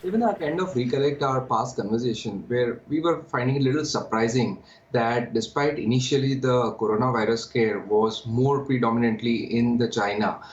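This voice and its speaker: A man's voice: mid-range voice, moderate pace. A man with an Indian English accent speaking as a stockbroker guest in a live news interview, in a rambling, conversational way. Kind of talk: remote interview answer. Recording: roomy, dull remote line.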